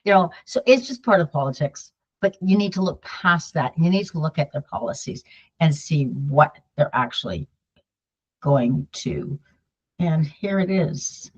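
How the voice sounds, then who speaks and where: A woman's voice: low voice, expressive, unhurried, a little mellow, breathy edge. An older woman from Canada chatting casually to her viewers, wandering off on side points and repeating herself. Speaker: political vlogger. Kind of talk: casual talk to camera. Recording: dull lo-fi sound.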